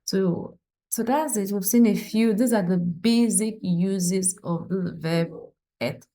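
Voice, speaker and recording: A woman's voice: medium pitch, slow pace, dark tone. A woman teaching an online French lesson, patiently explaining and repeating example sentences, with some fillers and restarts. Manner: fillers and restarts when thinking.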